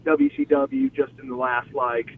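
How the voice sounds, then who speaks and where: A man's voice: mid-range voice, measured pace. Man telling stories over a tinny phone line. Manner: excited, repeats words and restarts, acts out quotes. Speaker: guest, former pro wrestler. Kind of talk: animated storytelling in an interview. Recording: phone-like line with faint hiss.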